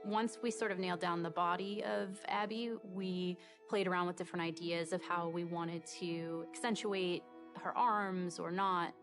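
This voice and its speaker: A game developer in an interview, describing a character's design thoughtfully. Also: female voice, lowish voice, fairly even intonation, moderate pace, over music. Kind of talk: behind-the-scenes interview.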